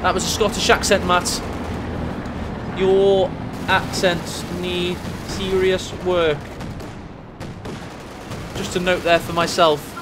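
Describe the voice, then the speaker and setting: High-voiced excitable male game caster. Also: takes it slowly, pauses often, noisy background. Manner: excitable, jokey, rises to shouts at big plays. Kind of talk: energetic esports commentary.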